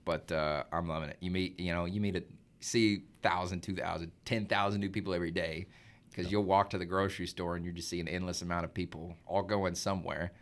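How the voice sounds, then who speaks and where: A young man, chatting as a podcast guest, relaxed and rambling. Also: low-pitched, brisk. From Arkansas. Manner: relaxed, rambling, laughs often. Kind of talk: casual chat.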